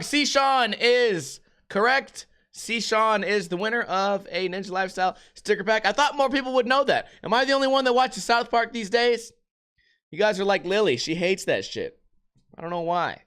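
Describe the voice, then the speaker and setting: A young American man hosting a casual vlog, telling bar stories with lots of swearing and animated retellings. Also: high-pitched, smooth. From United States. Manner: profane, animated storytelling. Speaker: vlog host. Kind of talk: casual chat.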